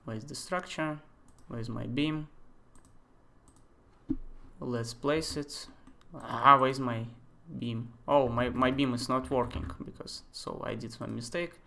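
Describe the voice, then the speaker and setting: A man in his twenties, not a native English speaker, thinking aloud and chatting with viewers during a live software tutorial. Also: mid-range voice, steady tone, slow pace, creaky, a little hiss or hum. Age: 20s. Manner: thinks aloud, chatty asides, answers chat questions. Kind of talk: live screen-share tutorial.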